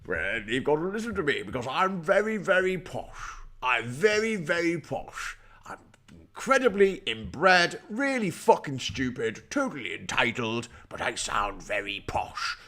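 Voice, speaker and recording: A pompous, drawling upper-class toff, as a man puts him on, talking down to the listener in a higher, slower voice. He sounds haughty and looks down on everyone. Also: big pitch swings, sharp tone, heavily acted.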